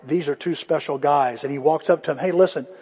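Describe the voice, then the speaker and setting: A man's voice: on the high side, steady tone, a little fast, a little mellow, slightly rough, big-room sound. A male pastor preaching a sermon in a conversational storytelling way, acting out the quotes.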